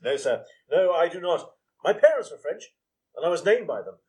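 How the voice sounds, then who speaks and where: An actor playing a prim, deadpan assistant detective in a comedy sketch. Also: male voice, a little high, normal speed, low-quality recording. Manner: deadpan, evasive. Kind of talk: live comedy sketch reading.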